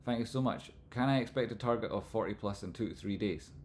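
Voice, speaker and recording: A man with a Scottish accent hosting a live stream, explaining stock chart analysis in a relaxed, rambling way. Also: lowish voice, quick pace, a little hiss or hum. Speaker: livestream host, trading analyst.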